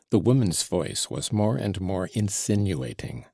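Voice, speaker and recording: A man narrating a classic novel as an audiobook, reading in a measured, deliberate way. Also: sits low, very animated, gravelly, warm tone, slightly rough, no room sound, clean studio sound.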